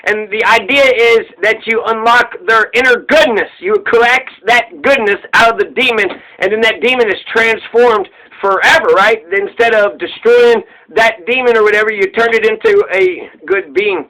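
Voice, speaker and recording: A man's voice: high voice, moderate pace, pushed and bright, rough recording. A man casually retelling an old fable in a loose, rambling way, swearing freely and laughing at his own jokes.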